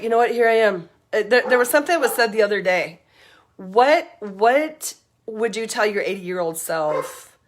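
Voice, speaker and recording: On a casual livestream, a middle-aged woman rambles cheerfully as she moves around outdoors near her home and yard, slightly out of breath. Her voice is fairly low, with slight background noise.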